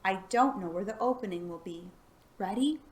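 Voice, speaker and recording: A woman voicing a brave, clever young boy adventurer in a storybook read-aloud, hushed and earnest. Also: mid-range voice, animated, moderate pace, natural voice. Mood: hushed planning.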